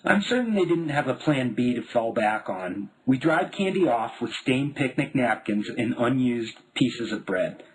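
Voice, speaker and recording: A husky-voiced man narrates his own memoir with wry, deadpan humor. His delivery is lively, with a wide, animated pitch range. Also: a little slow, hardly any pauses, rough recording. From Denver, United States. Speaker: memoir author.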